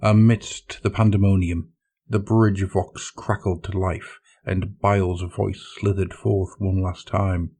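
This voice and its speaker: Slow, gravelly male narrator. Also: low-pitched, little pitch movement, dark tone. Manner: measured storytelling. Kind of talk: dramatic fiction narration.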